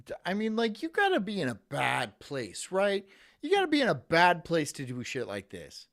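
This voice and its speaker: A man with a high, fairly bright voice and huge pitch swings speaks at a normal speed. He streams live reactions to clips, swearing casually, laughing frequently and talking with his partner off mic.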